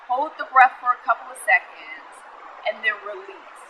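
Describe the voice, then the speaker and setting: A woman's voice: on the high side, lively intonation, normal speed, dull audio, slight background noise. A pregnant young woman talking casually to camera in a vlog, explaining earnestly with fillers and small laughs. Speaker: vlogger.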